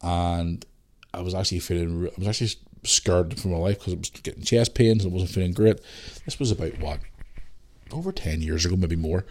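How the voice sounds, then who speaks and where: On his podcast, a Northern Irish man in his thirties tells stories animatedly in a deep, fairly quick voice. It's a casual monologue where he swears mildly and acts out the voices in his anecdotes.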